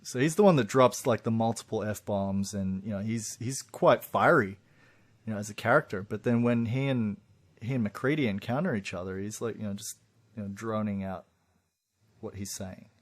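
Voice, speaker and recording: A man's voice: on the low side, moderate pace. Chatty man laughing through film talk. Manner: chatty, laughs often, restarts a lot. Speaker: podcast co-host. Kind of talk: casual film review chat.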